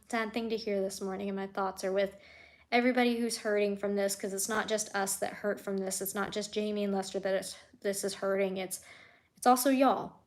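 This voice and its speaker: A woman, an animal keeper chatting casually on a live stream and reading comments, heartfelt and soft-spoken, often sinking to a near whisper. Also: medium pitch.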